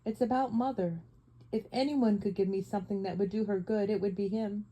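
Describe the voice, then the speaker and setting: An earnest, anxious young boy speaks urgently and a little breathlessly, as a woman reads him. The voice is soft and mellow. It is part of a classic children's audiobook. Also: mid-range voice, steady tone, fairly quick, natural voice, rough recording.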